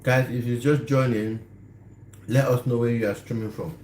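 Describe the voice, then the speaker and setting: A man's voice: medium pitch, steady tone, normal speed, a little mellow. A man hosting a casual live stream, chatting and laughing easily as he greets viewers. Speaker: livestream host. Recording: echoey room, faint background noise.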